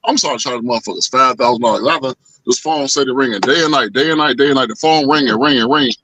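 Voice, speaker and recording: A man telling a story in casual chat, animated and profane, acting out the voices of the people in it. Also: mid-range voice, fast, a little hiss or hum, poor audio. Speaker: podcast co-host.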